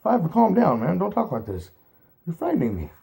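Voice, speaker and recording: A man reading aloud and voicing a young male rabbit who firmly tries to calm his frightened friend. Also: fairly high pitch, normal speed, vocal fry, pitched above the performer's own voice. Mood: urgent. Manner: firm, reassuring, urgent.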